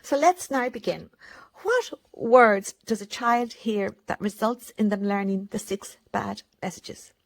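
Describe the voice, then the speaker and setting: A woman hosting a self-help channel, speaking slowly and gently to camera and pausing between comments. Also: medium pitch, creaky. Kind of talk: gentle talk to camera on childhood healing. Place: home.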